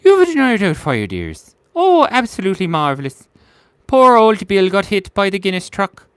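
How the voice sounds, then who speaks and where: A man's voice: high voice, wildly swooping pitch, normal speed, fairly bright tone, clear, resonant tone, dry recording, pitched above the performer's own voice, full character voice. A man putting on a fussy, theatrical elderly nanny voice with an exaggerated warbly fluting.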